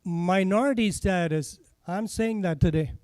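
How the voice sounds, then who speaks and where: A man's voice: high voice, measured pace, darkish tone, smooth. A man with a foreign accent giving an impassioned public comment at a town hall meeting, earnest and repeating his phrases. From not from this state.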